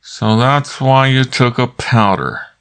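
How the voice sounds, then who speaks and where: A man voicing a gruff, hot-tempered middle-aged police inspector in an audiobook, clipped and barking. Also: medium pitch, moderate pace, fairly bright tone, voice pushed up, natural voice. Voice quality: barking, clipped, jaw-clenched delivery. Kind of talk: audiobook character voice.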